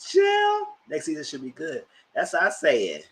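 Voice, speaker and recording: Man, TV recap host, animated pitch, bright tone, chatty, laughs a lot. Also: normal speed. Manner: animated, chatty, laughs often, slips into loud excited outbursts. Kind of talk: casual live TV review commentary.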